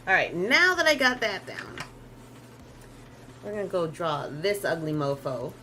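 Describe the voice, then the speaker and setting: A woman's voice: fairly low pitch, sing-song, a little slow, noisy background. A woman artist chatting casually on a live stream as she draws, rambling, restarting sentences and swearing freely. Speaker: artist streaming while drawing.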